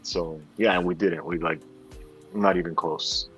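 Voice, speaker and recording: A middle-aged man chatting casually, telling animated stories and acting out what others said. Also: sits low, unhurried, breathy edge, faint music behind, poor audio. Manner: animated storyteller who acts out dialogue. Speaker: livestream co-host. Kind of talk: casual chat.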